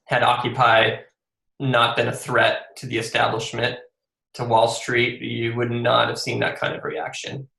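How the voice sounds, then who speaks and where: Male interview guest, gravelly voice, earnest, often restarts, echoey room. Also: mid-range voice, level tone, a little slow, pushed and bright. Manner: earnest, many fillers and restarts. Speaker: guest author. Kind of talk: casual interview.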